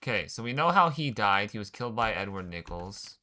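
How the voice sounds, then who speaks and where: A gaming channel host casually narrates while playing a puzzle game, thinking out loud and muttering slangy guesses. His voice sits on the low side, with a sing-song, sharp tone and a fairly quick pace.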